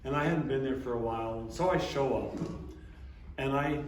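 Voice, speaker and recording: An older man, an abbot, telling a lively story to a congregation, now and then throwing in a big booming laugh. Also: moderate pace. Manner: animated storyteller, booming put-on Santa laughs. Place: church hall. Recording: echoey hall, speaker far from mic, faint hiss.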